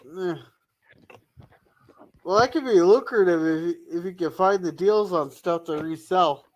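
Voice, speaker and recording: A man streaming a game, chatting casually with brief, relaxed reactions and asides. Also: high-pitched, measured pace, muffled recording. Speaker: streamer playing Minecraft. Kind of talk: casual chat while gaming.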